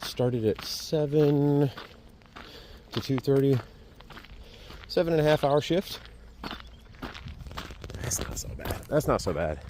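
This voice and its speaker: Walking outdoors through a town on a pilgrimage, this vlogger chats to his camera, rambling and cracking jokes at his own expense. His warm, mid-range voice is expressive and measured, with long pauses, and street noise can be heard in the background.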